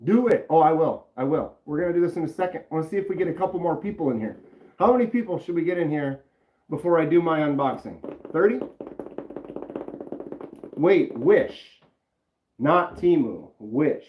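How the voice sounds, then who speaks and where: A man's voice: a little high, lively intonation, moderate pace, long pauses. A man casually chatting on a live stream, rambling and greeting viewers from the chat by name. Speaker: knife channel live streamer. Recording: roomy, slightly dull sound.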